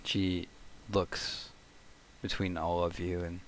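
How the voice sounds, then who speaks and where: A man narrating as game master of a tabletop game in a casual, halting way, full of fillers. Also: sits low, level tone, a little hiss or hum.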